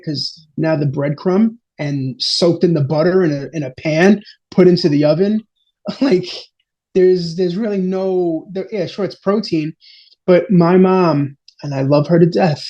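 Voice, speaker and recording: A man being interviewed, telling family stories in an animated, exasperated way with frequent restarts. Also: on the high side. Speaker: interview guest. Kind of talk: casual storytelling interview. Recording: dull lo-fi audio.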